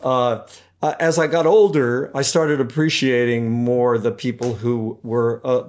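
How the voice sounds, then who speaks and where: An older man speaks as a guest in a conversational interview. He reflects aloud, often stopping, restarting and filling gaps with small hesitations. His voice sits at an ordinary middle pitch. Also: fairly even intonation, darkish tone. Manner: reflective, halting with many restarts and fillers. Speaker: guest actor.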